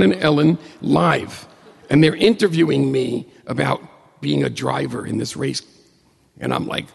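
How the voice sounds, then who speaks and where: Gravelly middle-aged man telling a story. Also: a little high, in a large hall. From New York State. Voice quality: blind. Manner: humorous, self-mocking, building excitement. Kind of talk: personal story told to an audience.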